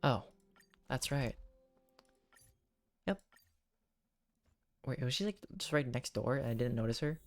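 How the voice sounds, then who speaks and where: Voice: mid-range voice, lively intonation, a little slow, long pauses, faint music behind. A streamer casually chatting through a story game and poking fun at themselves while reading along. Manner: chatty, self-mocking, reads game text aloud with laughs. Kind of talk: casual gameplay commentary.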